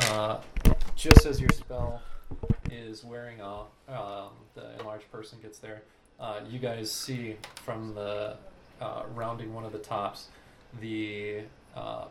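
A man narrating as game master of a tabletop game. He rambles through the scene with many filler sounds. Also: lowish voice. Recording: echoey room, background noise.

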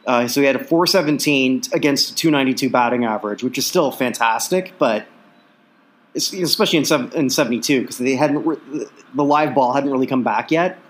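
A man's voice: mid-range voice, fairly quick. A man co-hosting a casual sports podcast, reeling off statistics with plenty of fillers. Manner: reels off statistics, filler-heavy. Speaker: podcast co-host.

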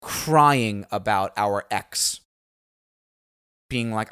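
A podcast co-host chats casually in a mid-range, somewhat bright voice with lively intonation at normal speed. He rambles, speaks emphatically, and swears freely.

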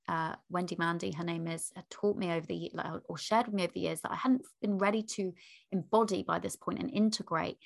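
Woman, author, candid storytelling, animated, lower voice, gravelly edge. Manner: animated, laughing and acting out quotes.

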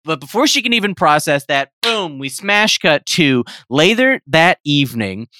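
A man's voice: a little high, sing-song, moderate pace, sharp tone, no room sound. Male comic storyteller, rambling, chuckling, dry close sound. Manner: rambling with fillers and frequent laughing asides. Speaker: podcast co-host.

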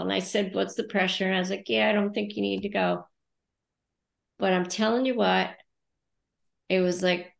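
A middle-aged American woman who coaches and podcasts talks thoughtfully in a casual, reflective way, acting out her own inner dialogue. Her voice is medium-pitched and gravelly, and the room sounds echoey.

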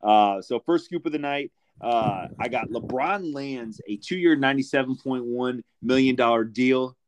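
A man's voice: mid-range voice, unhurried. A young man hosting a podcast in a laid-back casual chat, calling people "dude" and "brother" a lot. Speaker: podcast host.

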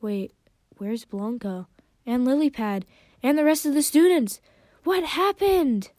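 A woman voicing an excitable young female dragon who gushes and shrieks. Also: slow pace, no room sound, clean studio sound, lightly acted. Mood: anxious. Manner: shrill, gushing.

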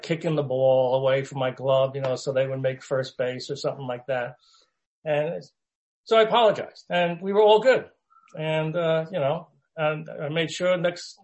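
A man leading a group discussion and telling a story casually, halting, with many fillers and restarts. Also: on the high side, a little mellow.

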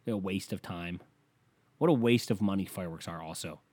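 A man's voice: sits low, a little fast, darkish tone, slightly rough. A man doing a rambling, profane stand-up rant, talking casually and losing his thread at times. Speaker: comedian.

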